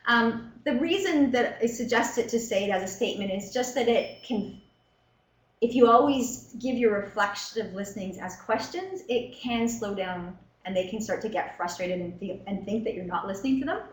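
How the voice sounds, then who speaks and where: A woman teaching a professional workshop in a relaxed, conversational way, with many fillers and short acted-out exchanges. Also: fairly high pitch, moderate pace, echoey room, low-quality recording. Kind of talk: lecture to a professional audience. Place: meeting room.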